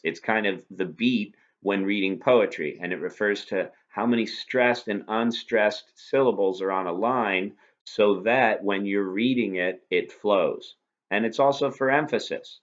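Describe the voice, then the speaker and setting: A man with a fairly low voice gives a recorded lesson. He talks patiently and keeps posing rhetorical questions. The recording sounds dull and lo-fi. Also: a bit bright. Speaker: teacher. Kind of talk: recorded lecture review.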